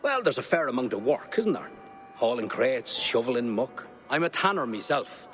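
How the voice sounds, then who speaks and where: Actor playing an easygoing Irish tanner. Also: male voice, mid-range voice, sing-song, moderate pace, faint music behind, close to an everyday voice. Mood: chatty. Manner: chatty, easygoing. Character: friendly male Irish tanner, common folk.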